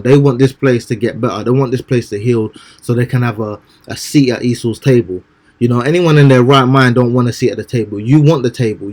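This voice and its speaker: A man reading scripture slowly and commenting on it in a casual, preachy way, often stumbling and repeating words. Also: mid-range voice, a little mellow. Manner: slow, measured scripture reading. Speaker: street preacher.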